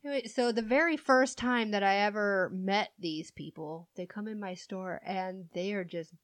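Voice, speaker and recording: A woman's voice: medium pitch, moderate pace, dry recording. A young woman who works in a store, telling work stories in a casual chat, swearing casually and laughing often. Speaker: store clerk.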